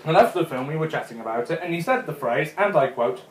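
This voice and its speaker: A man's voice: on the high side, animated, fast talker, few pauses. A young man doing a chatty stand-up set in a comedy club, chuckling at his own jokes. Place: comedy club room with a live audience. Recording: echoey club room.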